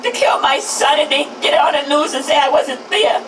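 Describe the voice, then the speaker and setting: A high-pitched woman in her fifties speaks out at an outdoor rally, emphatic and driven, returning again and again to her slogans. She is heard from a distance through an echoey sound, with traffic audible behind her. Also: moderate pace. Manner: emphatic, repeats slogans, voice rising to shouts. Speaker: grieving mother speaking at a rally. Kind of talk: impassioned public speech.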